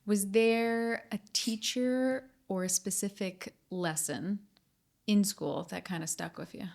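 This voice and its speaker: A woman's voice: medium pitch, takes it slowly, vocal fry, darkish tone. A woman hosting a casual interview, reacting with short interjections and follow-up questions. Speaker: podcast host.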